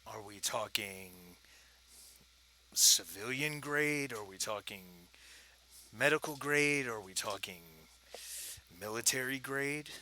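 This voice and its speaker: A man voicing a suspicious, balding male black-market dealer in a tabletop game, speaking in a low gravelly voice while he haggles. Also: lively intonation, slow, long pauses, bright, forceful tone, a little hiss or hum, exaggerated voice. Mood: gruff.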